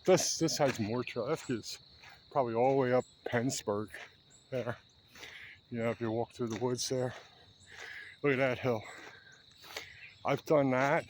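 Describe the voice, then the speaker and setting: A man's voice: medium pitch, a little hiss or hum. A man in his seventies chatting casually while walking a park trail, rambling as he goes. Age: 70s. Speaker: vlogger.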